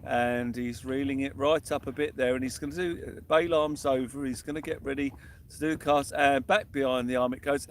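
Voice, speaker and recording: A man's voice: mid-range voice, fairly even intonation, brisk, slight background noise. A young man giving cheery running commentary while fishing from a small boat outdoors. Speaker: fishing vlogger. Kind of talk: live-stream commentary.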